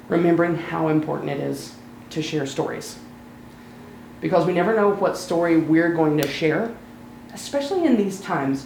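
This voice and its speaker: A speaker telling a personal story live on stage, chatty and lightly humorous, slowing down at emotional moments. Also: medium pitch, echoey room, slight background noise, poor audio. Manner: conversational, warm-humored, slows down for emotional moments.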